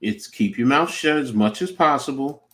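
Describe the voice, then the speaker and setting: A man's voice: medium pitch, lively intonation, normal speed, a bit bright. Earnest middle-aged man giving advice. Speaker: podcast co-host, coach. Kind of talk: casual chat.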